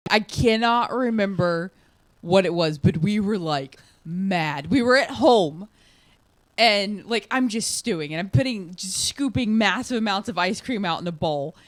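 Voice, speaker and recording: A woman's voice: mid-range voice, expressive, measured pace, dry recording. A young woman co-hosting a podcast in casual chat, blunt, swearing freely and laughing often.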